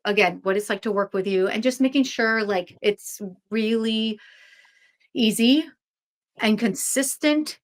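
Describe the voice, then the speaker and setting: A woman co-hosting a casual business webinar, talking chattily with lots of fillers and quick asides. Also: on the high side. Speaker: webinar co-host, website business owner.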